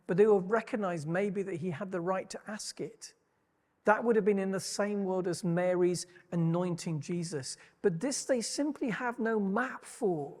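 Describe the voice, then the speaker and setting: Male preacher, measured reflective sermon, slightly high-pitched, reverberant church sound. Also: a little mellow. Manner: reflective, measured storytelling with wry asides. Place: church hall.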